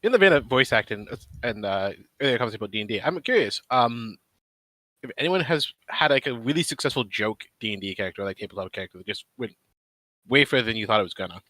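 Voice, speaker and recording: A man's voice: medium pitch, expressive, fast, bright, forceful tone, dry recording. A man hosting a casual stream, telling a rambling gaming story with many fillers. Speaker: stream host.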